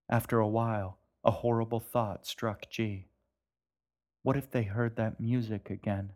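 Slow low-voiced male narrator. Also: darkish tone. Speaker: author narrating his novel. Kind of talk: audiobook narration.

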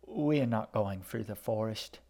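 A man's voice: fairly low pitch, a little slow, warm tone. A man doing a dry, sarcastic boy guide. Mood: sardonic. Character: sardonic, shifty boy guide.

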